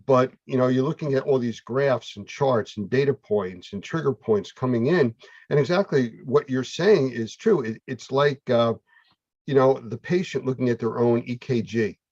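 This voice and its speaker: A man's voice: medium pitch, normal speed, darkish tone, no room sound. A man hosting a casual conversation, explaining things in an easy, conversational way. His audio sounds dull and lo-fi. It is dry, with no room sound. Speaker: host. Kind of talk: casual chat.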